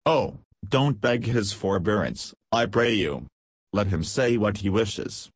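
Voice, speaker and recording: Audiobook: male narrator voices a sweetly scornful aristocratic lady with a drawl; husky, dry. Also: lowish voice, lively intonation, slow, no echo, full character voice. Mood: mocking drawl. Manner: drawling, mocking. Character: scheming aristocratic older woman, sweetly scornful. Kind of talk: audiobook character reading.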